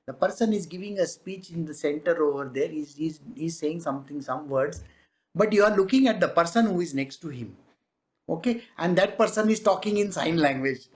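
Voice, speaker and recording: A spiritual teacher with an Indian English accent giving a devotional discourse in a lively, conversational way, often laughing, slipping in Hindi asides and acting out the people in the stories. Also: mid-range voice, a little fast. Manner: animated, acts out quoted people.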